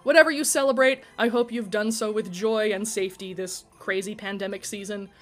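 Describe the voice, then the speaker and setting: A woman's voice: mid-range voice, fairly even intonation, a little fast, faint music behind. Woman reading a dramatic story aloud. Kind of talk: storytelling narration.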